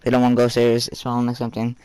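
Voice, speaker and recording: A man's voice: mid-range voice, monotone, racing, mellow, clear, resonant tone, no room sound. Rambling young guy telling a story. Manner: casual, filler-heavy, swears freely. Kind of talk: rambling story-time vlog.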